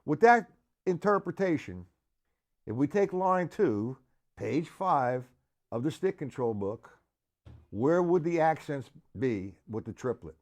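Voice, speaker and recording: A man's voice: a little high, very animated, slow pace, a little mellow. A man teaching a live-streamed drum lesson, counting beats aloud and asking viewers to respond.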